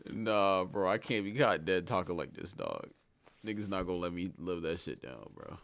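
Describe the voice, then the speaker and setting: A man's voice: sits low, lively intonation, moderate pace, vocal fry, fairly bright tone, no room sound. A man livestreaming and chatting casually with his viewers, talking in slang, rambling and laughing often. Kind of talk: casual stream chat, reading chat aloud.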